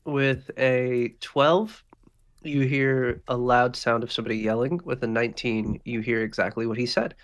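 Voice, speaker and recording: Dude narrating a tabletop game, casual, cusses, medium voice. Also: male voice, mid-range voice, flat delivery, moderate pace. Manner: casual, swears freely. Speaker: game master.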